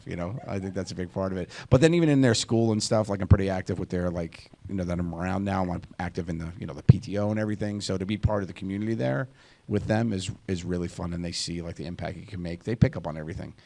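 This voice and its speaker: A man in his forties, a guest on a talk panel, telling stories in a casual, animated way, laughing often and acting out what others said. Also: deep voice, fast, vocal fry. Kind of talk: casual conversational storytelling.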